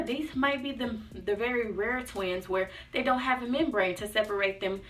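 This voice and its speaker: This young lifestyle vlogger's voice is a little high and fairly bright, moving at normal speed with few pauses. She tells a personal story chattily, acting out what others said and frequently saying "like" and "y'all." The recording is distant and slightly off-mic, with faint music behind.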